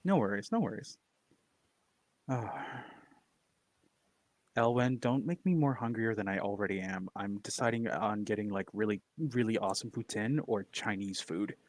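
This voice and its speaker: A man's voice: on the low side, normal speed, long pauses, dry recording. A man chatting casually as a guest on a stream, teasing his friend with crude jokes. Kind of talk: casual chat.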